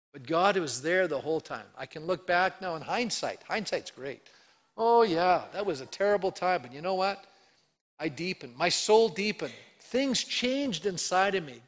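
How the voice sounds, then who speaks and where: Delivering a sermon in a conversational style, a pastor with a rather high male voice brings the people he quotes to life through lively vocal shifts.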